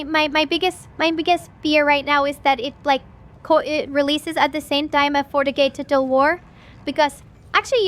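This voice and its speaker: A woman streamer wrapping up a live stream, gushing with excitement and tripping over her own words. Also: sits high. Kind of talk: livestream wrap-up chat.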